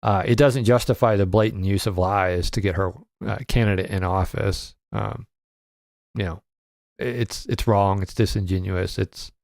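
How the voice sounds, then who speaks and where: A man's voice: on the low side, steady tone, moderate pace, vocal fry, darkish tone, no echo, studio quality. A man hosting a casual show, reacting to a played clip with sarcastic, joking commentary. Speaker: podcast host.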